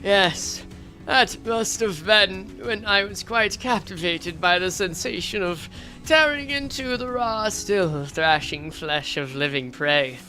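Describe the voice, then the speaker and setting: A woman voicing a raspy, haughty old female art maestro from a game story, with a slow, drawn-out delivery. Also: medium pitch, pushed and bright, soft background music. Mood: menacing.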